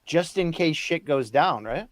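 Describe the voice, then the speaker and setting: A man with a fairly high, very animated voice, teasing and firing off questions at his co-host. The sound is close and dry. He co-hosts a casual live watch-along. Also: a little slow, no echo.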